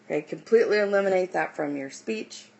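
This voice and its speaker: A woman teacher explaining writing style in a recorded lesson, often pausing on "okay" and "um". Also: lowish voice, creaky, darkish tone, lo-fi sound.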